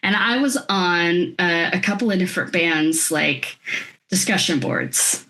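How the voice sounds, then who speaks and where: A woman's voice: lowish voice, unhurried, sharp tone, low-quality recording. A woman in her forties co-hosting a podcast, telling stories in casual chat, laughing often and swearing freely. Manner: laughs often, profane storytelling. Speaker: podcast co-host.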